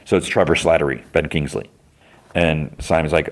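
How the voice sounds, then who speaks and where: A man's voice: a bass voice, steady tone, moderate pace. A male podcast host casually recapping a TV episode, retelling the scenes with lots of "he's like" and briefly acting out lines in a raised voice.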